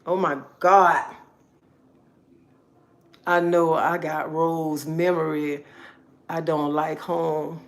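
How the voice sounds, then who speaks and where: A woman's voice: sits low, little pitch movement, drawn-out words, long pauses. Chatty woman hosting a live stream. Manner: repetitive, chatty, emphatic. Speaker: livestream host. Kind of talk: casual live stream chat to viewers.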